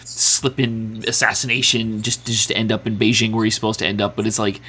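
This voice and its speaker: A man's voice: fairly low pitch, flat delivery, bright, forceful tone, slightly rough. A man co-hosting a podcast, joking and swearing with frequent laughs. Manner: laughing, swearing, quick asides. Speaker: podcast co-host. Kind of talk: casual podcast banter.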